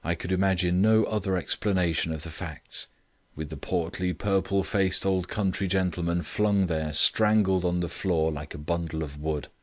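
A man reading a classic story aloud in measured, scripted narration. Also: low voice, fairly even intonation, no room sound. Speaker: audiobook reader.

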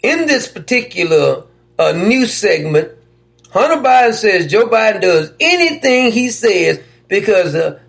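Brief: male show host, high gravelly voice, sarcastic commentary. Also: a bit bright. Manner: mocking, sarcastic, often laughing. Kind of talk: opinionated political commentary.

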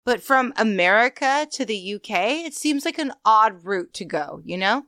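A woman co-hosting a true crime podcast, reading prepared notes in a measured, skeptical way. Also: a little high, expressive, sharp tone, no room sound. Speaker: podcast co-host.

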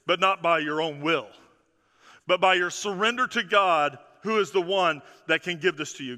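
A male pastor preaches with a high, piercing, sharply bright voice that rings through a large, reverberant church. He leans hard on repetition, stacking phrase after phrase, then sinks low and quiet to let a point land. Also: animated, normal speed. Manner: emphatic preaching with repeated phrases, dropping soft and low for effect. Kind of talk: sermon. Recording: long reverb of a large hall.

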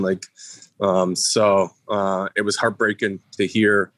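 A man, a former hockey player, talking in a halting podcast chat full of fillers and restarts. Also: lowish voice, little pitch movement, a bit bright, no room sound. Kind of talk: casual podcast talk.

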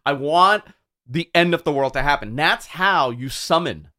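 A young man co-hosting a casual wrestling podcast, an animated storyteller who trails off and restarts often. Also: fairly high pitch, moderate pace, dry recording, studio quality. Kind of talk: casual chat.

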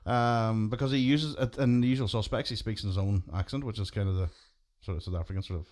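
A man's voice: lowish voice, fast talker, darkish tone. A man co-hosting a casual podcast, easygoing and chuckling, cursing casually. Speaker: podcast co-host.

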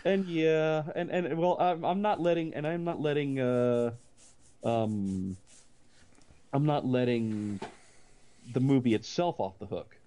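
A man, possibly middle-aged, co-hosting a casual movie chat, rambling with many restarts and breaking into animated rants. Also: mid-range voice, slow. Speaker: podcast co-host.

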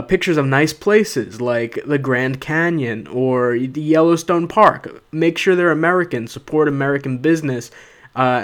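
A young man, a stand-up comedian, delivering a rambling, sarcastic comic monologue to his podcast listeners. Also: a little high. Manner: rambling, sarcastic, with frequent "uh" and "okay?".

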